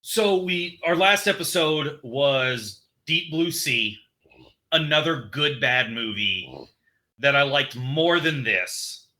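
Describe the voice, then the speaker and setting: Jokey, animated man hosting a podcast. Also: medium pitch, slow. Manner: jokey, animated, laughs at his own bits. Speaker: podcast co-host. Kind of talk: casual chat.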